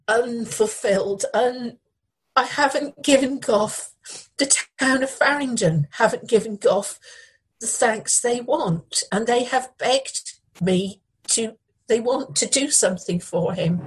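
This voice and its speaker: Grieving middle-aged woman, husky, halting, repeats herself. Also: on the high side, low-quality recording. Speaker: interviewee, bereaved widow. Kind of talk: emotional news interview.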